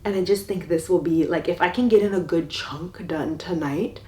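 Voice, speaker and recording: A woman's voice: on the low side, moderate pace, darkish tone. A woman vlogging about books in a casual way, gushing with theatrical, exaggerated reactions. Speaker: book vlogger. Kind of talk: casual reading vlog. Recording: roomy echo.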